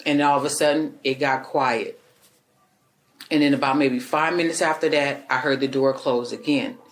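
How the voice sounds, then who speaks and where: A woman neighbor giving a halting, hesitant account to police in an interview room. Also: very deep voice, fairly even intonation. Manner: hesitant, halting retelling with fillers. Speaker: witness, neighbor.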